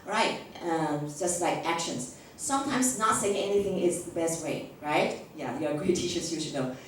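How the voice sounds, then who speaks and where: A woman's voice: low-pitched, expressive, moderate pace, a little hiss or hum. Woman coaching teachers in an echoey room. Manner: frequent checking "okay?"; acts out classroom phrases. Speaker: teacher trainer. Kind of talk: workshop lecture to teachers. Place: large echoey classroom. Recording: echoey room recorded from far off.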